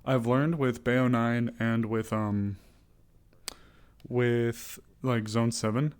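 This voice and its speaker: A man's voice: medium pitch, fairly even intonation, slow, clean tone. A male streamer in casual chat while playing a roleplay character, hesitant and often laughing.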